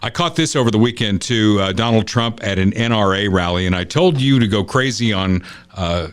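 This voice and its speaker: A man's voice: fairly low pitch, brisk, clear, resonant tone, no room sound. A man hosting a political talk podcast, emphatic and opinionated in his commentary. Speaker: podcast host.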